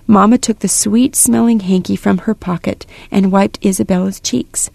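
A woman narrating a storybook in an even, measured reading voice. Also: medium pitch, vocal fry, dry recording. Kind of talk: storybook read-aloud narration.

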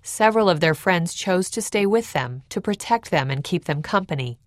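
Measured woman narrating history. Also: fairly low pitch, no echo, studio quality. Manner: measured, even storytelling.

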